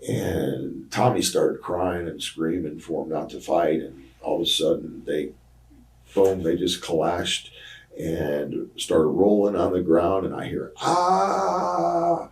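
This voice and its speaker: A man's voice: low-pitched, fairly even intonation, slow, darkish tone, far from the mic, poor audio. An older man, a retired wrestler, telling rambling road stories in an interview, with plenty of ums and uhs as he acts out what others said. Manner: rambling anecdotes with many fillers, acting out quoted voices. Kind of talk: casual storytelling interview.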